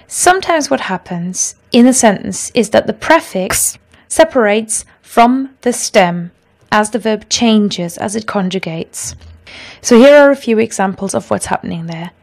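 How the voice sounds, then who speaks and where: A woman teaching a language lesson, explaining grammar rules patiently and clearly and reading out example sentences. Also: medium pitch, expressive, a little slow.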